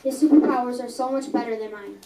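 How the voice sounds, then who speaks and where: A woman's voice: on the high side, fast, mellow, slight background noise. A young reader reading her own story aloud in a coffee house, earnest, with small stumbles and self-corrections. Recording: echoey room, mic at a distance.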